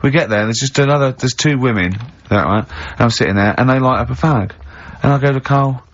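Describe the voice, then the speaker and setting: A man's voice: mid-range voice, fast talker. Giggly man telling rambling stories. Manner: rambling anecdotes, giggly laughter. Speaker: radio host. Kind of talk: casual radio banter. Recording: dull lo-fi radio broadcast.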